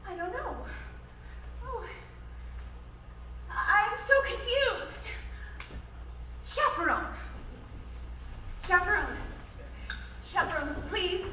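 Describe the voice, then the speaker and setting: A woman's voice: very high voice, expressive, slow, pauses often, pushed and bright, slight background noise, exaggerated voice. An actress playing a dramatic young showgirl bride, theatrical in her delivery. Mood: flustered. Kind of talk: stage musical performance. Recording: echoey stage from far off.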